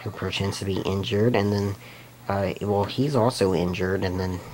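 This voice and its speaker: A man's voice: low voice, steady tone, moderate pace, darkish tone, a little hiss or hum, rough recording. A man on his own video channel, recapping cartoon episodes in a rambling, unscripted way, restarting sentences and giggling. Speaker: YouTube episode reviewer.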